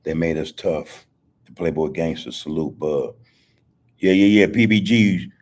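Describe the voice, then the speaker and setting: An older man hosts a podcast, spinning stories in a loose, profane style and laughing a lot. His voice rumbles low with a darkish tone, and he keeps a measured pace through the casual storytelling chat.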